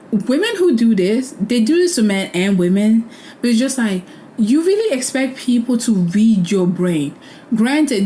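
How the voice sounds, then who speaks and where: A woman's voice: fairly high pitch, mellow, a little hiss or hum, rough recording. A young woman hosting a casual recap, talking bluntly and opinionated. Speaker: host.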